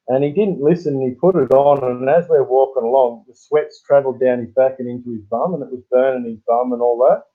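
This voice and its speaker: A man's voice: medium pitch, fairly quick, few pauses. An Australian man hosting a casual livestream. He tells long, rambling stories and chuckles often. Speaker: livestream host. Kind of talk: casual live-stream chat. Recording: tinny phone-like sound.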